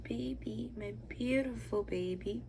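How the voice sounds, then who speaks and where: A woman's voice: fairly high pitch, a little slow, creaky, mellow, slight background noise. A young woman vlogger chatting casually, filling her talk with "like" as she tells a personal story while doing her makeup. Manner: chatty, rambling, lots of "like" fillers. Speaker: beauty vlogger.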